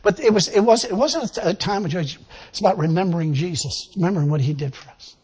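A man preaching a lively sermon to a responding congregation, laughing often and acting out the people he quotes. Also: high-pitched, fast talker, breathy edge. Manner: animated, laughing, acts out quotes. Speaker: pastor.

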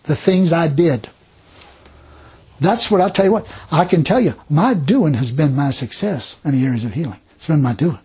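A husky-voiced man preaches with a higher pitch and a lively, swooping delivery. He drives each point home by repeating it and breaks into praise and short laughs as he goes. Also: normal speed. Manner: emphatic, repetitive preaching with exclamations of praise. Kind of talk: sermon.

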